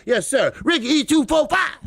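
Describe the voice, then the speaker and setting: A loud boxing talk host whose high, gravelly voice swings wildly up and down. He curses freely, laughs a lot and shouts out names from the live chat, all in a dry, close-miked sound. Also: lively intonation, moderate pace, no room sound. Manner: loud, profane, laughing often, shouting greetings to chatters.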